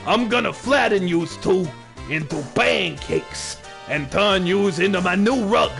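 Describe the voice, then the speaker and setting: A man voicing a bullying tough-guy mobster with a put-on Brooklyn accent, loud and blustering. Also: high voice, lively intonation, a little slow, vocal fry, music in the background, full character voice. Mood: angry.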